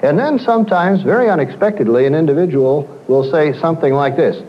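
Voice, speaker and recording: A slightly high male voice moves briskly with hardly any pauses, and the recording has its highs cut off. As a counselor lecturing an audience, he tells stories with animation and acts out what clients told him.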